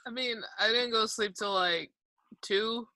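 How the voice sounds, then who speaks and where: A young woman student chats casually on a video call. Her voice is bright and a little tense, and she laughs easily. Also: on the high side, unhurried, dry recording, rough recording.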